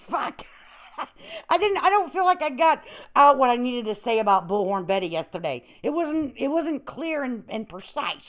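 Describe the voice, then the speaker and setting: An older woman hosting a livestream, ranting in a brash, profane, rambling way, with static on the line. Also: medium pitch. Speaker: livestream host. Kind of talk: casual livestream rant. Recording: tinny phone-like audio with static.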